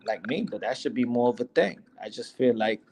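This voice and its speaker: A man's voice: mid-range voice, expressive, brisk, creaky, darkish tone, a little hiss or hum. A young man, a boxer, talking in a casual interview in a heated, emphatic, profane way, often repeating himself.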